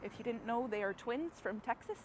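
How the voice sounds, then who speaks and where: A woman with a slightly high voice chats to her viewers as she walks a city street at night, greeting them by name and laughing easily. She is recorded on a handheld phone outdoors, with steady traffic and street noise behind her. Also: brisk. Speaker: live-stream host. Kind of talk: casual live walking stream.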